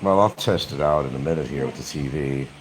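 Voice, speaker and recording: A man vlogging from a room in his home in casual chat, mocking and repeating his points slowly and deliberately. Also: extremely low pitch, a little hiss or hum.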